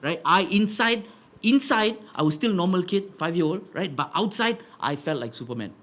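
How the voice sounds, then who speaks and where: A male stand-up comedian, telling stories in an animated, punchy way and tagging lines with "right?". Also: high-pitched, normal speed. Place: live comedy venue with audience laughter.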